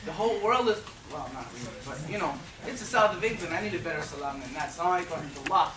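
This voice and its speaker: A man from Newfoundland, Canada, giving an energetic, joking talk to an audience in a university hall. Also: fairly high pitch, quick pace. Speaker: guest speaker. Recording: echoey hall, far from mic, noisy.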